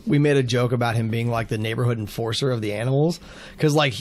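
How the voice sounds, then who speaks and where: A man's voice: medium pitch, fast, a little mellow. A man in casual podcast chat, telling an anecdote at an easy pace.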